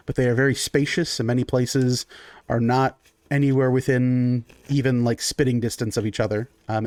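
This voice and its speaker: A man's voice: mid-range voice, darkish tone, dry recording. A man narrating a tabletop game as game master, describing scenes in a rambling way with many fillers.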